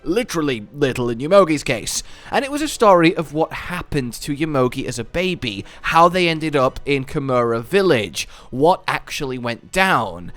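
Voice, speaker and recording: A man's voice: a little high, normal speed. A man hosting a gaming video, talking through game lore in a playful, jokey way. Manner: playful, jokey wordplay, animated.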